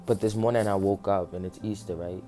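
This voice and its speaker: Nearly in tears, this man delivers an emotional motivational monologue about faith to his viewers, earnest and passionate and full of "like" fillers. His low voice is steady and dark in tone, moving a little fast over soft background music. He is a faith vlogger.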